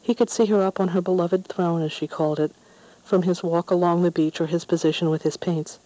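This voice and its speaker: A woman narrating a storybook in a gentle, measured way. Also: fairly low pitch, fairly even intonation, no echo, dull audio. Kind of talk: storybook reading.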